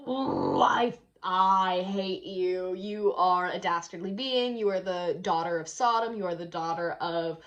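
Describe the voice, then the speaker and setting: A woman's voice: on the low side, measured pace, few pauses, lo-fi sound, lightly acted. A woman voicing an angry male prophet who rants and denounces, while retelling a play casually in a hotel room. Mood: denouncing. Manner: ranting, denouncing.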